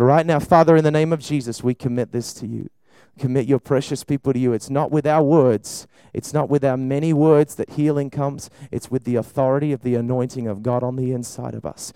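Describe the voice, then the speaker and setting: A man preaching and praying in a church service, fervent, swinging between loud cries and quiet talk. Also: mid-range voice, steady tone, fairly quick, smooth, no room sound, rough recording. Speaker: pastor. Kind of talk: sermon with prayer.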